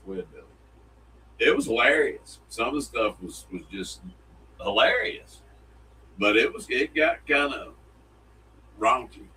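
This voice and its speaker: A low-pitched man with a drawl, his voice bright and forward. He rambles along in easy morning-show banter and laughs easily. He sits a little back from the mic, with a faint hiss of noise behind him. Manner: rambling, folksy, quick to laugh. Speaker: radio show co-host. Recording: somewhat distant mic with faint background noise.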